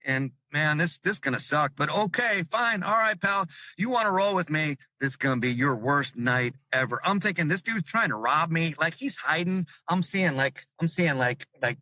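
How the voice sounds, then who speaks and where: A man from Chicago tells his story as a call-in guest, energetic and vivid, his voice pushing high when the tension builds. His tone is bright and forceful, a little higher than most men's. The call sounds dull and dry. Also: normal speed, hardly any pauses, dry recording. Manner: excited, vivid storytelling, voice rising high with fear. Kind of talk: telling a personal story.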